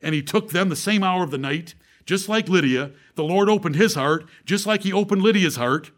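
A man with a high voice preaches a sermon to his assembly. He asks rhetorical questions and quotes scripture. His delivery climbs to fervent peaks, then sinks to a hushed, low tone. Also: moderate pace. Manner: preaches with rising fervor, then drops to a low, quiet tone; rhetorical questions and Bible quotations.

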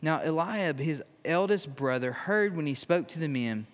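A man's voice: fairly high pitch, expressive, moderate pace, in a large hall. A man preaching a sermon. He reads scripture aloud, then explains it in a conversational way with touches of humor. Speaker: pastor.

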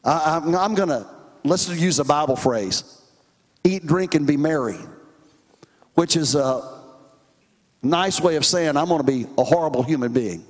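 Male preacher, slightly high voice, emphatic testimony delivery, long hall reverb. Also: expressive, unhurried, pauses often. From Texas. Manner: emphatic storytelling, rising and falling intensity. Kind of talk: testimony sermon.

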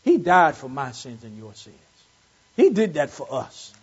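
A man's voice: medium pitch, huge pitch swings, measured pace, slightly rough, muffled recording. A man preaching a Sunday morning sermon, repeating phrases for emphasis and swelling into fervent peaks. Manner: call-and-response preaching, rising to fervent peaks. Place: church service.

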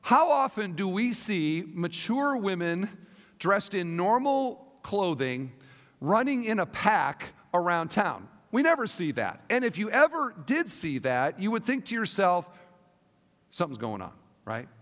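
Pastor guy with a high voice preaching, really animated, long echo like a big church hall. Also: measured pace. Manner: animated, dramatic storytelling with rhetorical questions. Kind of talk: sermon.

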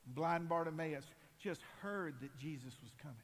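A man preaching a sermon, impassioned and building to loud cries. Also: a little high, normal speed, hardly any pauses, a little hiss or hum. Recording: long hall reverb.

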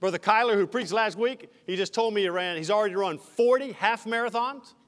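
A man's voice: high voice, a little fast, fairly bright tone. Preaching man in an echoing sanctuary. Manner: expository preaching, verse by verse with asides. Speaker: senior pastor. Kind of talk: sermon. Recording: reverberant church hall.

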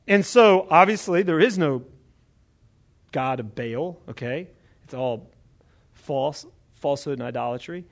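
A man preaching a Bible teaching sermon in a conversational, animated way, often checking in with the listeners. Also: fairly high pitch, moderate pace.

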